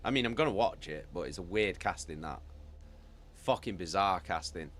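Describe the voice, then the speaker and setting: A man's voice: sits low, animated, moderate pace, a bit bright. A British man chatting casually with viewers as a streamer, rambling and swearing freely. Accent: British English. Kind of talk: casual chat.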